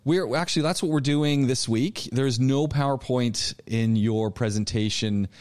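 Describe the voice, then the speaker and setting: A man teaching an online public speaking class, lecturing in an animated, coaching way with frequent restarts. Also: mid-range voice, unhurried. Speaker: college public speaking instructor.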